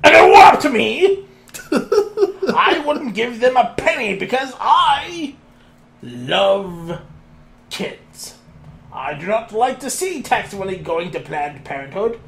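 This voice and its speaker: A man voicing a cranky old man who rants slowly and indignantly about taxes. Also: high-pitched, big pitch swings, gravelly, fairly bright tone, slight background noise, pitched above the performer's own voice, exaggerated voice. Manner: slow, indignant ranting.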